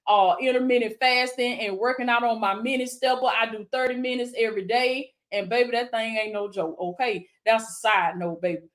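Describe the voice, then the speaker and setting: Woman coach, a bit high-voiced, preacherly live-stream pep talk full of affirmations. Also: steady tone, fairly quick, hardly any pauses. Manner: fervent, repeats affirmations, calls viewers baby; preacherly call-and-response with viewers. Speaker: life coach.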